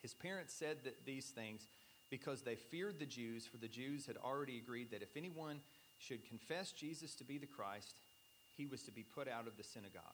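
Male pastor, mid-pitched, preaching in an easy conversational way, reading scripture with a faint hum behind. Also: fairly quick, fairly bright tone, rough recording. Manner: conversational preaching, reads scripture aloud, repeated coughs. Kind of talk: sermon.

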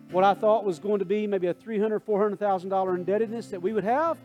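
A male pastor preaching a sermon, swinging between hushed prayer and loud, emphatic calls to the congregation. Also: high voice, fast talker, hardly any pauses. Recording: faint guitar music underneath.

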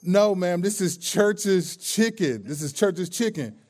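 A man voicing a flustered fast-food phone worker who stammers and keeps repeating himself. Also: high voice, lively intonation, darkish tone, voice pushed up. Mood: polite.

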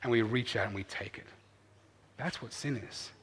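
A man preaching a sermon in an earnest, animated way, rising to loud emphasis and dropping to quiet asides. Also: mid-range voice, normal speed, husky, in a large hall. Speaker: pastor.

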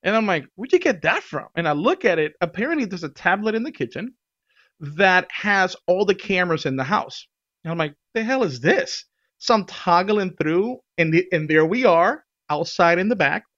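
A man casually telling a vacation story on a podcast, animated, often laughing and acting out what people said. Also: high voice, moderate pace, dull audio.

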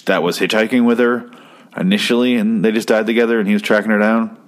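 A young man from Arizona talks through a story in a loose, rambling way, swearing freely and dropping deadpan jokes. His voice sits a little low and stays relaxed and conversational. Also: fast talker. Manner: rambling, profane, deadpan joking. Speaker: podcast host reviewing an episode. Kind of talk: casual chat.

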